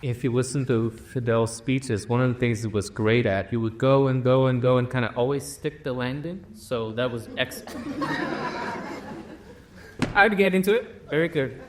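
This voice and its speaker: A man's voice: medium pitch, moderate pace, a little hiss or hum. A man moderating a panel discussion, friendly and joking before posing a question.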